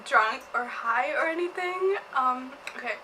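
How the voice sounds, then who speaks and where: A woman's voice: sits high, animated, unhurried, pushed and bright, slight background noise, low-quality recording. A young woman vlogging about a book, giggly and gushing, laughing and apologizing as she talks. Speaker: booktube vlogger. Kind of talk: casual chat.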